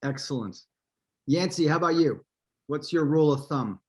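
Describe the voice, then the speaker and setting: A man's voice: fairly high pitch, lively intonation, normal speed. A man hosting a virtual wine tasting over a video call, upbeat and chatty with plenty of fillers. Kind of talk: casual hosting.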